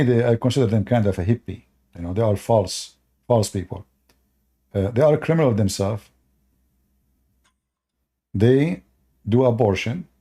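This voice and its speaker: Blunt man with a mellow, dark voice. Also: lowish voice. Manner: blunt, dismissive, repeats words. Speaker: host. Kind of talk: live-stream debate talk.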